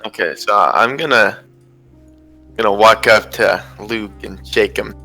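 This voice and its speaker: A man playing a tabletop game, excitable and joking with the group. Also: on the low side, unhurried, faint music behind, rough recording. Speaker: player. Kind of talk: casual tabletop play.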